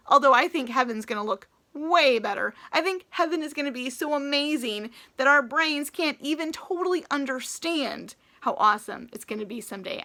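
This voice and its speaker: Upbeat woman teaching preschoolers on video, high bright voice, sing-songy and excited. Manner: enthusiastic and sing-song, talking to small children. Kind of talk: recorded lesson for young children.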